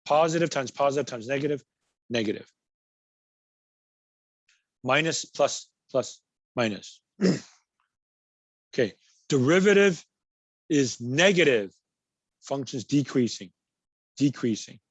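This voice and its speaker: A male math instructor, mid-range in voice with lively intonation, speaks slowly and pauses often in a recorded college class lecture without room sound. He patiently works through examples and repeats key words.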